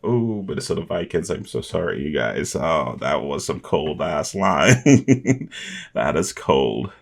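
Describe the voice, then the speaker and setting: A man's voice: extremely low pitch, sing-song, takes it slowly, creaky. A man hosting a reaction video, chatting casually with enthusiasm and chuckles, often restarting his sentences.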